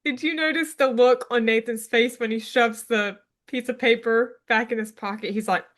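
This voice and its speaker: A woman's voice: on the high side, fairly even intonation, moderate pace, a bit bright. A woman co-hosting a podcast, chatting casually about a TV episode, retelling scenes and quoting characters with a laugh. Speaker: podcast co-host. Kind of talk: casual chat recapping a TV episode.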